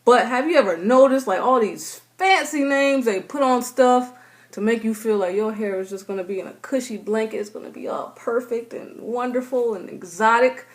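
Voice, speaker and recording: A woman's voice: fairly high pitch, normal speed. A young woman, chatting casually to her camera and acting out her own thoughts in playful voices. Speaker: vlogger.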